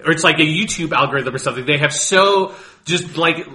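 A man's voice: on the high side, fairly quick, bright, forceful tone. A man co-hosting a casual podcast, rambling and swearing as he talks about movies. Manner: rambling, profane, laughs while talking. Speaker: podcast co-host.

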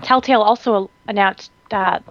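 A woman co-hosting a comics podcast, chiming in with quick teasing asides in casual chat. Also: mid-range voice, a bit bright, no echo. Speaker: podcast co-host. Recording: dull lo-fi sound.

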